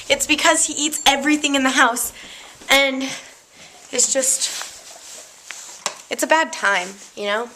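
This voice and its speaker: In a high, bright, forceful voice, a young Canadian woman vlogs from home, talking casually to the camera. She sounds girlish, giggly and easily distracted, and there's slight noise in the background.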